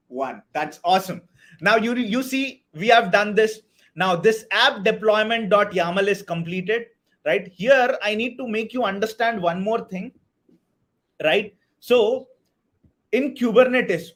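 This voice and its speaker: A man teaching a live online DevOps class, energetic, often checking if everyone is clear. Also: sits high. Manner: energetic, repeats "are you all clear" and "right"; hypes up the chat and counts down to a target. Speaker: DevOps instructor.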